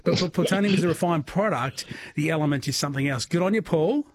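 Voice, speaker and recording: Chatty Australian radio quiz host. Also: male voice, a little high, fast, slight background noise. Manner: chatty, jokey, encouraging. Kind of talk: casual overnight radio chat.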